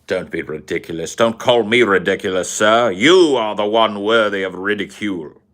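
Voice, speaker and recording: A man putting on a mock posh English accent, playing a pompous upper-class British gentleman host with a haughty, blustering manner. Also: fairly low pitch, normal speed, lightly acted. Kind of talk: comedic impression.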